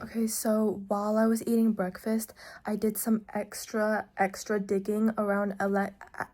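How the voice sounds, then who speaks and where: In a medium-pitched, slightly mellow voice with a completely flat delivery, a young vlogger narrates her cooking at a moderate pace. She chats to viewers as she cooks and eats, a bit sleep-deprived and slurring slightly.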